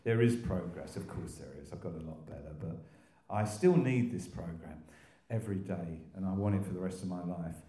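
A man's voice: deep voice, a little fast, hardly any pauses, mellow, reverberant. An older man from England telling his recovery story in a rambling testimony, with restarts and little laughs. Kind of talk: personal testimony talk.

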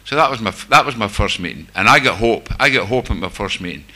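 On the low side and expressive, his voice has a sharp tone, and he talks fast. He's an older Glasgow-area Scotsman from near Glasgow, candidly sharing his own recovery story with a group and making wry jokes at his own expense.

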